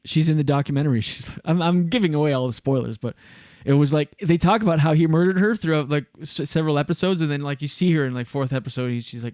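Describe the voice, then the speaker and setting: A man's voice: a little high, fast, hardly any pauses, a little mellow, dry recording. Man, podcast host, rambling storyteller, casual chat, dry close sound. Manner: rambling storyteller, lots of fillers. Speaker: show host.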